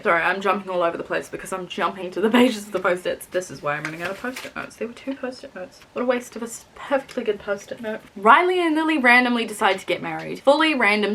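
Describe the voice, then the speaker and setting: A young woman casually reviewing a novel in a blunt, expressive, sweary way. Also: mid-range voice. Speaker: book reviewer. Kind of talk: casual book review vlog.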